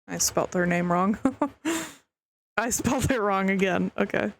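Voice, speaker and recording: A woman's voice: medium pitch, unhurried, vocal fry. A woman streamer wrapping up a stream in casual chat, rambling with lots of fillers and the odd curse, hiccuping.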